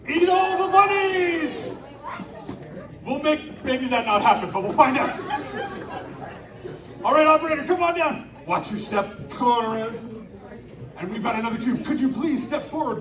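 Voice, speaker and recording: A man hosting an interactive live storytelling show, animatedly coaxing the audience to shout along. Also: very high-pitched. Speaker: live children's storytelling performer. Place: outdoor winter carnival stage. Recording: echoey, distant live stage recording with crowd. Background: audience noise.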